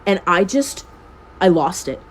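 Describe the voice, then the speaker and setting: A woman's voice: on the low side, sing-song, unhurried, a little hiss or hum. A very tired young woman at home telling a messy personal story in casual chat, swearing freely and laughing often. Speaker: storytime vlogger. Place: at home with her cat.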